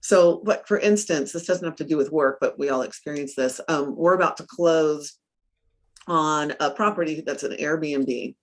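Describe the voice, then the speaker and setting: A middle-aged woman coach in a casual interview, telling stories with lively acted-out quotes and frequent laughs. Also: low voice, normal speed. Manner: animated storyteller, acts out her own quotes, laughs often.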